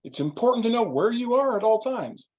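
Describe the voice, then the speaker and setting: A man's voice: high-pitched, lively intonation, fast talker, gravelly, dark tone, voice pushed up. A man putting on an indignant outdoorsy guy. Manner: insistent, protesting. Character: indignant middle-aged man, outdoorsy friend.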